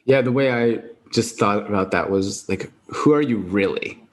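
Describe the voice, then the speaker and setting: In a fairly low voice at normal speed, a male podcast host conducts a conversational interview, pausing to reflect and summarize his guest's points with care.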